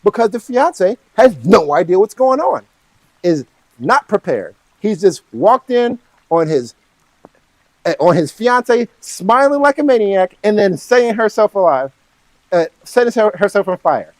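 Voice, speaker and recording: A man's voice: high voice, sing-song, unhurried, darkish tone, no room sound, rough recording. Rambling man recapping a film. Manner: rambling, full of "like" and "right?". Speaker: study vlogger. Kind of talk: casual retelling of a film plot.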